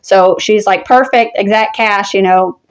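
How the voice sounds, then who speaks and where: A woman, perhaps in her thirties, casually telling an animated story, swearing freely and laughing often. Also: medium pitch, a little slow, smooth. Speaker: horror vlogger.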